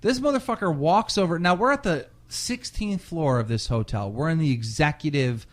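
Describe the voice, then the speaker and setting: A young man with a fairly high, very lively voice spins a story in a podcast chat. He swears freely and jumps between voices. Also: moderate pace. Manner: animated, profane, acts out quotes. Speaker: podcast host.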